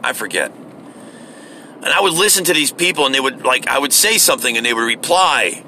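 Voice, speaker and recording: Very bright-voiced rambling American man. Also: medium pitch, sing-song, moderate pace, slight background noise. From United States. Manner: rambling, meandering, many fillers, swearing. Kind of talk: rambling casual monologue.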